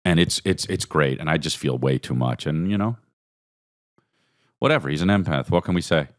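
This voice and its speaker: A man, hosting a podcast in a rambling, profane, comedic monologue that swings between low mutters and high excited bursts. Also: normal speed, dry recording, studio quality. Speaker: podcast host.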